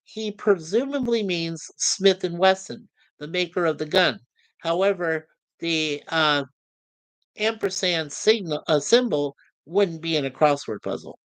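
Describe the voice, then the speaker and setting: A man's voice: fairly high pitch, fairly bright tone, no room sound. A man hosting a casual livestream review of a TV series, chuckling as he reads out chat messages between trivia. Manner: friendly, chuckling, reads chat messages aloud with filler pauses. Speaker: podcast host reviewing a TV series.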